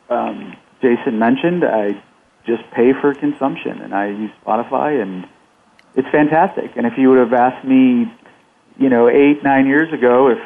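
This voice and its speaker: A man's voice: mid-range voice, creaky. A man speaking as an upbeat guest on a panel discussion, with frequent fillers. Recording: tinny phone line with faint noise.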